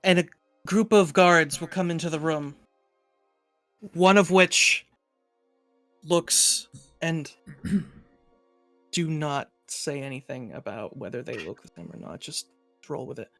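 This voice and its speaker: A man running a tabletop game as game master, narrating slowly with halting pauses. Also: on the high side, lively intonation, a bit bright, no room sound, faint music behind.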